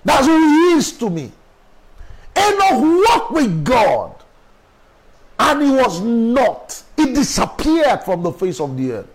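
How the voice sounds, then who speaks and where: A middle-aged male preacher with a strikingly high voice. His pitch swings widely as he drives his points home, and he keeps pressing his listeners with rhetorical questions. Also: huge pitch swings, takes it slowly, rough recording. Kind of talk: sermon.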